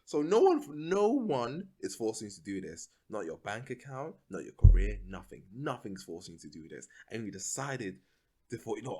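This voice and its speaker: A man's voice: fairly low pitch, big pitch swings, normal speed, mellow, husky. A man co-hosting a podcast, chatting casually with laughing disbelief. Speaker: podcast co-host. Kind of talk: casual chat.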